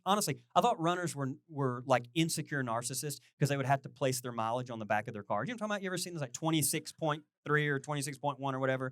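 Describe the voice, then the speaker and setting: Middle-aged guy preaching, chatty and jokey, mid-pitched voice, dry sound. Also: racing, dry recording. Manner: animated, self-deprecating, quotes people in lively voices. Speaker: pastor. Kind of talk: conversational sermon.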